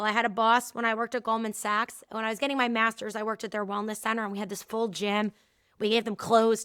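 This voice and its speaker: A woman hosts a talk show on her own. Her voice is bright, clear and fairly high, recorded close and dry. She tells stories and slips into the voices of the people in them. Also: dry recording. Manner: lively storytelling, acting out quoted dialogue. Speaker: podcast host. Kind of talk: casual solo talk with anecdotes.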